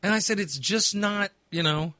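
High animated guy in his 50s rambling thru a story, bright dry sound. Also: normal speed, no echo. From Texas. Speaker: host. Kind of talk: casual podcast chat.

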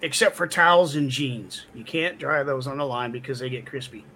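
A man on a morning talk show tossing in quick, wisecracking remarks during casual chat. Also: mid-range voice, pushed and bright, a little hiss or hum. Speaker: radio show co-host.

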